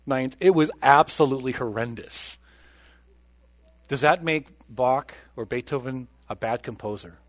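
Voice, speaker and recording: Soft-spoken Midwestern pastor telling a story. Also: male voice, medium pitch, unhurried, no echo. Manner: conversational, drops to a hushed voice for quoted moments. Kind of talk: sermon storytelling.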